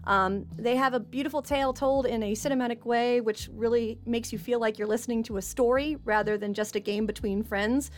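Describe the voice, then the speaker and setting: A woman's voice: a little high, fairly even intonation, a little fast, hardly any pauses. A woman hosting a tabletop game stream as its game master, chatty and stumbling over her words. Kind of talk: tabletop stream intro and announcements.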